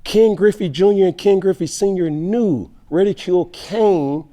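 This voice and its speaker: A man's voice: high-pitched, measured pace, dark tone. Emphatic man hosting sports talk. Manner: emphatic, fires rhetorical questions. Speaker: podcast host.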